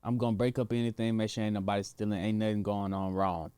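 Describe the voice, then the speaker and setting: A man's voice: lowish voice, flat delivery, fast, warm tone, smooth, dry recording, natural voice. A man voicing a blunt, reluctant female security guard who hesitates and rambles.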